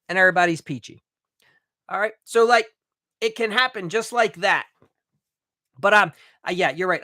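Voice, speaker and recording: A man coaching remodelers in a live training, blunt and a bit profane, talking in quick bursts with restarts. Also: sits high, bright, forceful tone, dry recording, studio quality. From United States.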